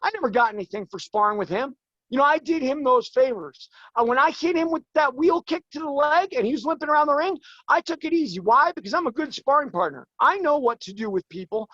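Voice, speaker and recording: 40s guy ranting fast and emphatic, high voice, kinda muffled lo-fi sound. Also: lively intonation, fairly bright tone, dry recording. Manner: emphatic and rapid, voice climbing when worked up. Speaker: guest. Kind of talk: heated interview talk.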